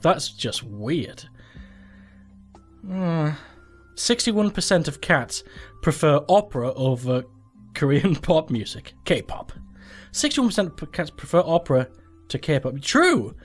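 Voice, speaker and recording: A man's voice: a little high, expressive, measured pace, long pauses, husky, soft background music. A young man hosting a gaming channel, commenting casually and sweary as he plays a quiz game, thinking aloud in disbelief.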